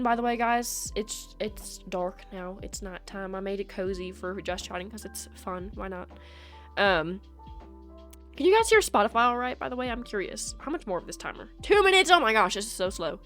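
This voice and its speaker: A young woman chats and jokes her way through a live stream, teasing her viewers in a casual, rambling way. Her voice sits at a middle pitch, and soft music plays faintly behind her. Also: very animated, moderate pace. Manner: chatty, joking, teasing.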